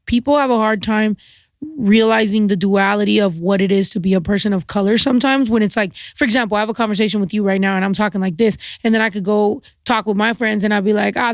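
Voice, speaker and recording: A woman from Mexico, a podcast guest, chatting in a frank, animated way with casual swearing. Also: medium pitch, fairly quick, no echo, clean studio sound. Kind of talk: casual chat.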